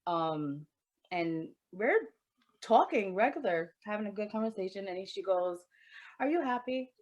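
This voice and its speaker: A woman's voice: mid-range voice, animated, unhurried, highs cut off. A woman co-hosting a podcast, talking openly and emotionally about happiness and swearing freely. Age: adult with a child. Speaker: podcast co-host. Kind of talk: candid casual chat.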